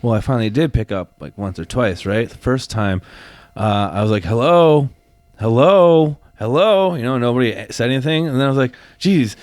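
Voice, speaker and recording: A man's voice: mid-range voice, quick pace, no echo, clean studio sound. A man co-hosting a casual podcast chat, telling a loose, swearing story. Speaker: podcast co-host.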